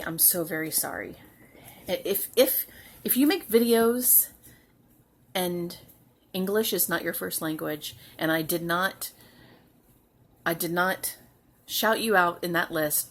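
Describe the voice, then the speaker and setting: A woman hosting a home cross-stitch video, chatting casually and sounding tired, with soft asides that trail off. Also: lowish voice, measured pace. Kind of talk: casual chat to camera.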